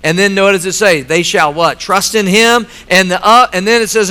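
A middle-aged man preaching a sermon in a church, swinging between loud emphatic lines and quiet joking asides to the congregation. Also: high-pitched, steady tone, moderate pace, few pauses, clear, resonant tone, rough recording. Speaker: pastor. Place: church sanctuary.

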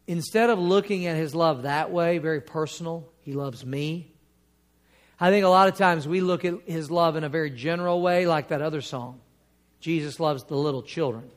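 A man preaching a sermon as pastor, quoting scripture and building to emphatic, drawn-out points. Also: a little high. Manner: preaching with rising emphatic bursts and drawn-out key words; quotes scripture in old King James wording.

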